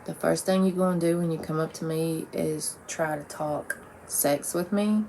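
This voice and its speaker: Woman vlogging, low gravelly voice, swears a lot, rambles, faint hiss behind her. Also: steady tone, moderate pace. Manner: blunt and profane, rambling with many "like"s. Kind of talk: casual monologue to camera.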